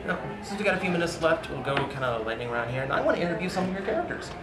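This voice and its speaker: Teasing male interviewer, lively pitch. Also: very fast, loud music behind the voice. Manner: teasing, playful questions. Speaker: interviewer host. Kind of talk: casual interview. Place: convention hall. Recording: echoey convention hall, loud ambient noise.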